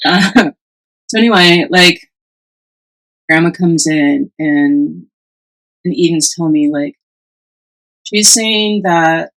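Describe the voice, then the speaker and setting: A podcast co-host with a low-sitting voice tells a personal story in a casual chat, captured on poor audio. She's animated, laughs often, and acts out the voices of the people she quotes.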